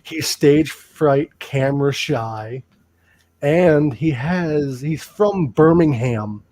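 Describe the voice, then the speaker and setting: A man co-hosting a podcast, telling stories in a loose, animated way and swearing freely. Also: fairly high pitch, drawn-out words. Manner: animated storytelling, heavy swearing. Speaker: podcast co-host. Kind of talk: casual chat.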